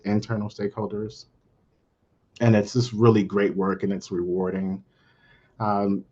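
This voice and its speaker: A middle-aged man from Brooklyn, under the weather, speaking on a panel in a halting way full of fillers. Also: on the low side, darkish tone, highs cut off. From Brooklyn, New York. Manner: halting, many fillers and restarts. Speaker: panel guest, account manager. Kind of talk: casual panel talk.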